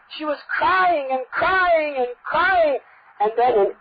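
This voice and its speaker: A woman tells a devotional story with vivid, emphatic narration. Her voice is high and her pace unhurried. The recording is dull and lo-fi. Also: expressive, slight background noise.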